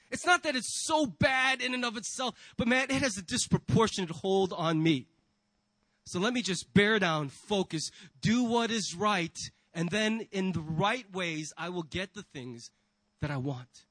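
Male pastor, sermon delivery, high voice, dry recording, rhetorical and animated in acted asides. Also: normal speed, dry recording, rough recording. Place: church.

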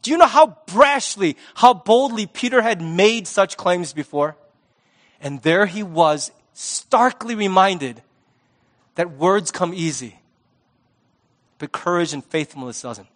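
A male pastor giving a sermon in a conversational, lively manner with sports talk. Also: high voice, takes it slowly.

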